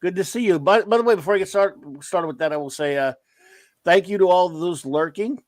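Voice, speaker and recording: Man co-host, higher voice, dry close mic, loose shout-out patter. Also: brisk, dry recording. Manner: reads out chat names with playful titles, many fillers. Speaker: livestream co-host. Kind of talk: casual livestream shout-outs.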